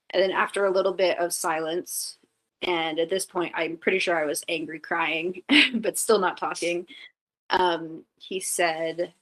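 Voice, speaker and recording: A woman sits as a guest, talking candidly through a personal story. Her voice sits a little low, and she leans on "like" and restarts in a loose, chatty flow. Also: fairly even intonation, measured pace, fairly bright tone, poor audio. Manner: chatty, full of "like" fillers and restarts; candid and reflective. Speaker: podcast guest. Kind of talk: casual storytelling in an interview.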